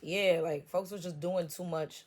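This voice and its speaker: A woman's voice: on the low side, steady tone, unhurried. Blunt, profane woman reading tarot. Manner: blunt, profane, joking trash talk. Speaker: tarot reader. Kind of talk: casual tarot reading to camera.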